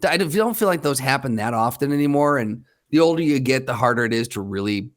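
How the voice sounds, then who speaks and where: A man in the middle of a podcast anecdote, with a voice of ordinary pitch. He narrates casually and slips into the voices of the people in the story. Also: animated, fast. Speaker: podcast co-host. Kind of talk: casual chat.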